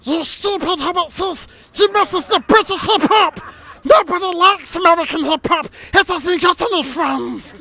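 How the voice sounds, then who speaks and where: A spiteful, hissing creature that screeches its insults in a very high, piercing, sharp voice. It rants in a lisping, wheedling snarl. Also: male voice, moderate pace, heavily acted. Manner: screeching, lisping plurals, ranting.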